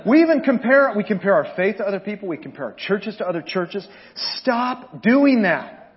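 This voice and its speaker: A man delivers a sermon with a high, bright-edged voice. He tells lively stories and jokes with his congregation. The church recording sounds dull and lo-fi. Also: moderate pace. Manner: animated storytelling, jokes with the congregation. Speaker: pastor.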